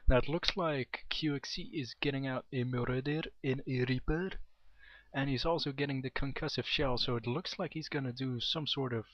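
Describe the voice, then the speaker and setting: A man's voice: medium pitch, moderate pace, a bit bright, no echo. A young man casting a video game match in a chatty, rambling way, often correcting himself. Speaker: game commentator. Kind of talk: amateur esports commentary. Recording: dull, dry home mic.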